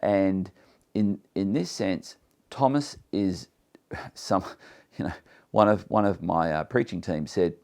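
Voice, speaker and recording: Deep-voiced man teaching the Bible. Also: slow, vocal fry, pauses often, a little mellow. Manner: earnest, reads scripture aloud then explains it; emphatic, with repeated restarts.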